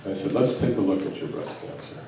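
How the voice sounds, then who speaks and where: A man's voice: low voice, expressive, quick pace. A man giving a spiritual talk to a live audience, telling stories with quoted dialogue and rhetorical questions. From United States. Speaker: spiritual teacher and physician. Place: large echoey event room. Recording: echoey room from a distance with faint background noise.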